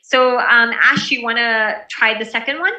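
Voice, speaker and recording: Woman instructor on a video call, bright and fairly high, encouraging tone, echoey room. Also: measured pace, far from the mic. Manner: relaxed and encouraging, with many fillers. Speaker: presentation skills instructor. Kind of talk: online class teaching.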